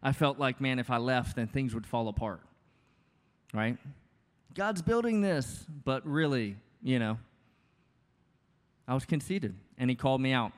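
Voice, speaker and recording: A man's voice: medium pitch, big pitch swings, measured pace, pauses often. A man in his thirties, a pastor preaching a sermon in a casual, joking, conversational way with many asides. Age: 30s. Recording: long hall reverb.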